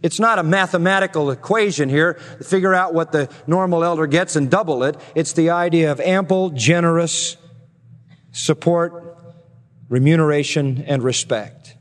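A man preaching a sermon as a pastor, measured and emphatic, slowing down to stress key words. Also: fairly high pitch, long reverb tail.

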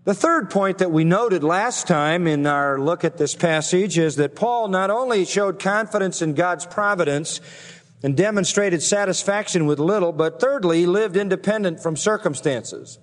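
A man's voice: sits high, normal speed, big-room sound. A man preaching an expository sermon as pastor, emphatic, his voice climbing on key phrases.

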